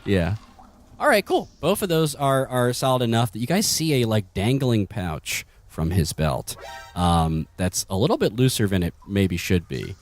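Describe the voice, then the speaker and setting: A man narrating a tabletop game as game master, his voice sitting a little low. He talks loosely, filling gaps with "uh" and "um" as he sets the scene. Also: sing-song, normal speed, faint music behind. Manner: loose, filler-heavy, laughing often.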